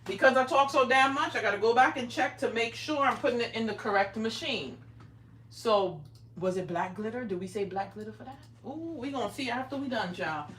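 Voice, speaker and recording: The woman's voice runs a bit high and slightly bright, and she talks a little fast. A middle-aged craft livestreamer in her home craft room, she keeps up brash, profane, bossy teasing banter. Slight background noise and room echo come through her distant mic.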